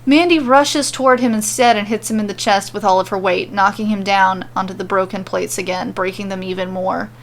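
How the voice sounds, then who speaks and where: A woman podcaster reading fan fiction aloud in a steady, lightly wry narration. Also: mid-range voice, brisk, hardly any pauses, slight background noise. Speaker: podcast storyteller.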